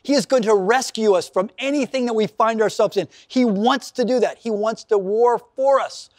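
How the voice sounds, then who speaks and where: A man's voice: sits high, moderate pace, a little mellow, no echo. A man preaching a sermon to camera as pastor, earnest and emphatic, reading scripture aloud.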